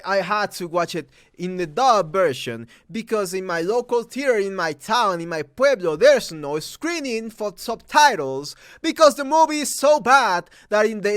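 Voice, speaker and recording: A young Mexican man with a Mexican accent and a high, slightly bright voice rants angrily about a movie dub as a reviewer. He's profane and exasperated, often restarting his sentences. The recording is studio quality with no echo.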